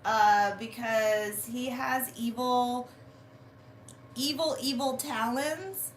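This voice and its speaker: A woman chats to her viewers from home in a casual, chatty way, swearing now and then. Her voice sits a bit high and she drawls her words slowly. The phone recording has an echoey room and faint hiss. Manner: chatty, swearing, drawn-out complaining. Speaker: vlogger. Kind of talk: casual vlog chat. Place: at home indoors.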